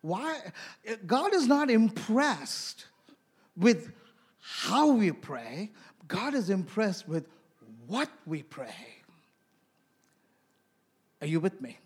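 A man from India preaching a sermon, telling stories and asking the congregation questions. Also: a little high.

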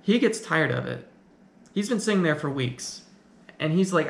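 Man, casual film commentator, somewhat high voice, loose rambling delivery, echoey room. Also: animated, normal speed, creaky, pauses often. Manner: conversational, rambling, with frequent restarts. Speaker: film reviewer.

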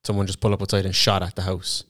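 A man's voice: low voice, completely flat delivery, rapid-fire, fairly bright tone, dry recording. A young man from Cork's north side with a local accent, co-hosting a podcast with dry, sweary wit. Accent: Cork north side. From north side of Cork. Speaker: podcast co-host. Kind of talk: casual chat.

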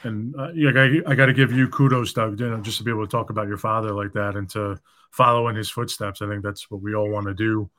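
A man's voice: lowish voice, steady tone, quick pace, a bit bright. A man hosting a podcast interview, reacting to his guest with affirming, enthusiastic remarks. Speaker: podcast host. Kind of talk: casual interview chat.

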